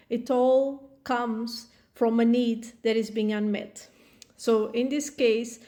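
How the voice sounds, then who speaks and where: Reassuring high-voiced woman parenting coach. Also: darkish tone. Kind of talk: advice talk to camera.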